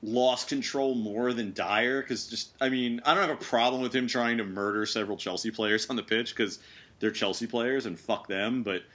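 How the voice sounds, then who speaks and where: A man hosting a casual sports podcast, animated and sarcastic, throwing in quick asides and questions to his co-hosts. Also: medium pitch. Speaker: podcast host.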